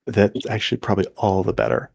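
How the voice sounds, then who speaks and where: A man narrating as game master of an online tabletop game, halting and restarting as he describes the scene. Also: on the low side, steady tone, creaky, darkish tone, breathy edge, no echo.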